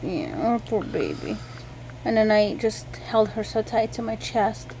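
A woman's voice: mid-range voice, very animated, measured pace, dark tone, slight background noise, rough recording. A tired woman talking casually to her viewers at home about her sick baby, rambling and chatty. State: tired, unwell. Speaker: vlogger mother. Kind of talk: casual home vlog chat. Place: home at night.

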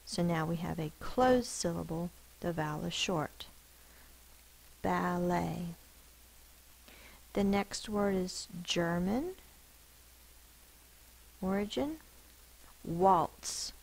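A woman's voice: on the low side, lively intonation, creaky, low-quality recording. A woman teacher giving a spelling lesson, patiently sounding out words and explaining the rules behind each sound. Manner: slow, careful sounding-out of words.

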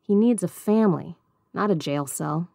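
A woman's voice: on the low side, normal speed, creaky, dark tone, no room sound, clean studio sound. A woman voicing a casual, dismissive male defense lawyer in a storybook reading.

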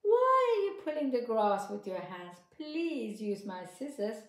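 A woman voicing a small, pushy, wandering male mouse in a storybook with bright, pleading sing-song lines. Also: on the high side, very animated, a little slow, pitched above the performer's own voice. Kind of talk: storybook narration. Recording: echoey room.

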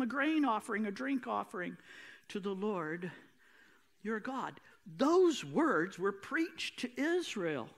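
A man's voice: extremely high pitch, animated, measured pace. A male pastor preaching a sermon with an emphatic, repetitive cadence.

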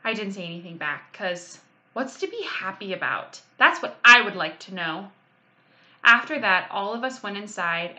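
A woman reading a children's book aloud in an expressive, animated way, with casual asides. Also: medium pitch, moderate pace. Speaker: reader.

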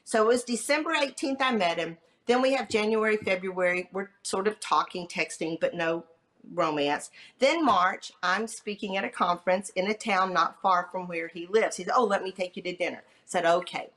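A middle-aged woman tells a personal story as a podcast guest, with a medium-pitched voice. She talks in a lively way and leaps higher when she acts out what people said. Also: normal speed. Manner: lively, acts out quoted dialogue with pitch jumps.

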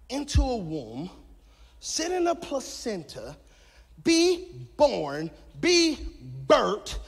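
A man pastor preaching a lively sermon, shouting his key points and mixing in jokes. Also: very high voice. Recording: long hall reverb.

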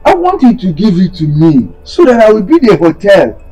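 A man with a Nigerian accent plays a scheming younger brother, a chief, who keeps pleading greedily for his elder brother's land. He's very animated at normal speed, wheedling and repeating "brother" with sharp pitch swings. The recording is muffled, with soft background music.

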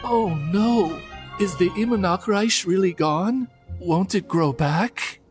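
A woman's voice: medium pitch, slow, natural voice. A voice actress playing a small, tender-hearted little girl who asks wide-eyed questions, heard as game audio with music. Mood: concerned.

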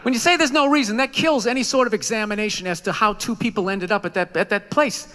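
A comedian with a high, bright, forceful voice talks fast through a profane, ranting set. Performing live in a club, he voices the characters in his stories as he quotes them.

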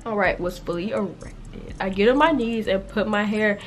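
A young woman casually reacting to and reading her old writing aloud, animated and slangy, with frequent laughter in her delivery. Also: medium pitch, normal speed, background noise. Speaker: YouTuber.

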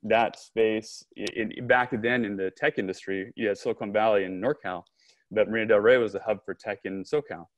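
A man, a podcast guest and company co-founder, telling a long story in an animated conversational way, acting out remembered dialogue. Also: lowish voice, fairly quick. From Southern California. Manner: animated storyteller, frequent restarts and quoted dialogue.

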